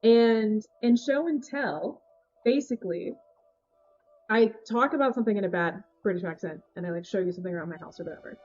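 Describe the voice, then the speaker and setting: A woman streaming live, gushing and thanking her chat in casual, excitable talk. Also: mid-range voice, fairly quick, dull audio, soft background music. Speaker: Twitch cooking streamer.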